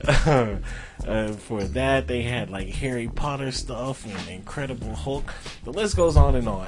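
A man's voice: mid-range voice, lively intonation, unhurried. A man hosting a podcast, joking in loose casual banter and reading a sponsor spot. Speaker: podcast host. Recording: loud hip hop music behind. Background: hip hop music.

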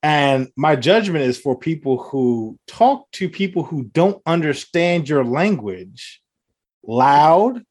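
A man's voice: fairly high pitch, expressive, takes it slowly, a little mellow. A man co-hosting a casual comedy chat, telling loose stories, laughing often and acting out the people he quotes. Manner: laid-back storyteller who laughs often and acts out quoted lines.

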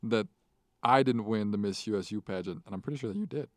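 A man's voice: fairly low pitch, quick pace, darkish tone, dry recording, clean studio sound. A young man hosting a podcast in casual chat, teasing and laughing often with many fillers. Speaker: podcast host.

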